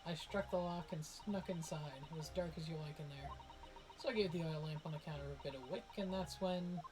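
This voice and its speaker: A man voicing a scrappy young female pickpocket, attempting a Cockney accent and telling her story in a rushed, breathless way. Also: on the high side, noisy background, close to an everyday voice. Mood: urgent.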